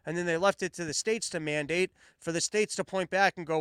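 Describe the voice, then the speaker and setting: A man with a high, smooth and clear voice hosts his own show, ranting sarcastically about the news. He swears freely as he talks. The sound is dry and close, with no room echo. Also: quick pace, few pauses, fairly bright tone. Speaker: podcast host. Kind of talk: solo commentary on news.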